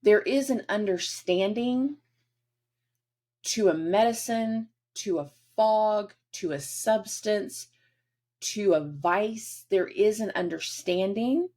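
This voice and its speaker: A woman's voice: mid-range voice, mellow. A woman hosting a casual astrology forecast, chatty and acting out quoted dialogue in different voices.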